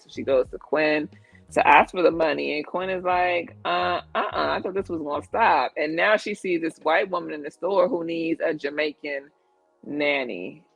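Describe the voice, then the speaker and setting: A man co-hosting a casual TV recap chat, telling the story in an animated way that wanders off on tangents. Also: a little high, vocal fry, dry recording, low-quality recording. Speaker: podcast co-host.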